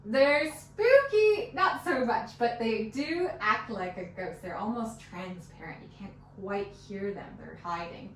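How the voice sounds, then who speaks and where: A woman with a mid-range, expressive voice gives a one-on-one fiddle lesson, speaking a little slowly with few pauses and a fairly bright tone. She patiently encourages her student and counts beats aloud over fiddle playing. The room is echoey, the mic sits at a distance, and there's slight background noise.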